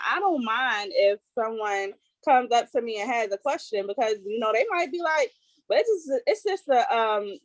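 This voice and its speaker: A woman's voice: on the high side, no room sound. A woman hosting a casual video call chat, talking in an earnest, emphatic, conversational way. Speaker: host.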